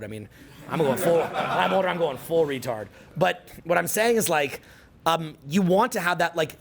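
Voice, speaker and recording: A man's voice: on the high side, husky. A man in his forties giving a casual, rambling seminar talk, swearing freely and peppering his speech with fillers. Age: 40s. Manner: rambling, profane, animated, filler-heavy. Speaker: seminar speaker.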